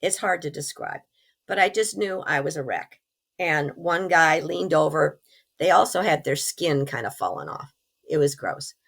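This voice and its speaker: Hoarse woman with a gravelly voice. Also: sits low, moderate pace. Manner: earnest, animated storytelling with small laughs. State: hoarse, recovering from pneumonia. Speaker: interview guest. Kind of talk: telling a personal story.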